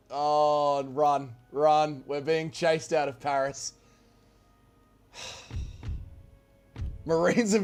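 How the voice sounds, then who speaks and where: A man streaming a strategy game, giving excitable live commentary, swearing and shouting orders and cheers. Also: on the high side. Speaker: gaming streamer.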